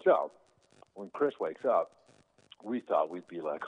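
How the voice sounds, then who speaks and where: A man telling casual stories, lively, often acting out what others said in raised voices. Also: deep voice, moderate pace, breathy edge. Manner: animated, quotes people in raised voices. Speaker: guest telling stories about his brother. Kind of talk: casual anecdotal storytelling. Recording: tinny phone-like line.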